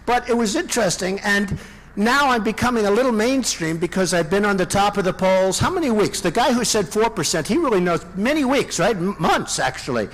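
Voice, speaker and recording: A man's voice: high-pitched, expressive, fairly quick, fairly bright tone, a little hiss or hum, low-quality recording. A man in his sixties, a presidential candidate giving a campaign rally speech in a large indoor venue, rambling and repetitive with boastful asides. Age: 60s.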